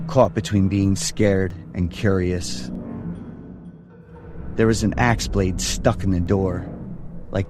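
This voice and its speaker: A man in his thirties tells a first-person horror story in a casual, slangy voice. He speaks in a lowish register. Clear background music plays under him. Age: 30s. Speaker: narrator.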